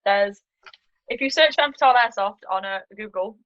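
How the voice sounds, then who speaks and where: A British woman appears as a guest on a video call, an airsoft player and vlogger chatting casually and poking fun at herself in an informal interview. Her mid-range voice is fairly bright and moves at a moderate pace. The recording has no echo, though the highs are cut off.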